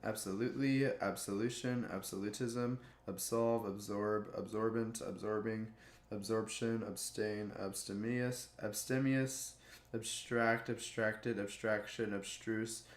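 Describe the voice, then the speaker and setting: A man's voice: fairly low pitch, measured pace, echoey room. A man reading dictionary words aloud one after another, tripping over hard words and chuckling at his slips. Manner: monotone word list with stumbles and chuckles. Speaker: YouTuber.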